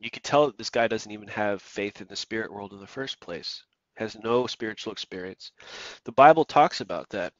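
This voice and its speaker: A man's voice: on the low side, fairly quick, no room sound, muffled recording. A man preaching an emphatic sermon, repeating his points and reading scripture aloud.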